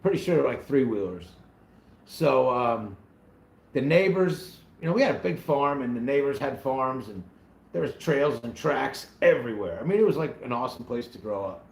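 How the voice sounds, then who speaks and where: A man's voice: mid-range voice, animated, normal speed, creaky. A man in his forties, a channel host, casually telling a story on a livestream, laughing as he goes and greeting viewers by name. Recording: roomy echo with loud guitar music.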